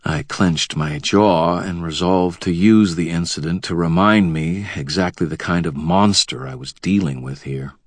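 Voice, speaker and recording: A man narrating an audiobook in the first person, with a wry, measured delivery into a close microphone. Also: low voice, dry recording.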